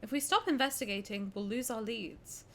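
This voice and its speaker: A woman streaming a game, reacting and reading aloud in a playful, sarcastic way, swearing and bursting into shouts. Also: on the high side, moderate pace, slight background noise.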